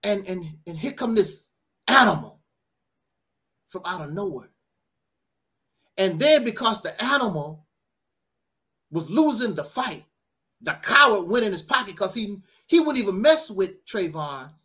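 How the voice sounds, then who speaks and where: A man's voice: sits high, very animated, measured pace, pauses often, bright, forceful tone. A man speaking in an emotional personal monologue, tearful and heated, with a preacher-like cadence. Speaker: online commentator.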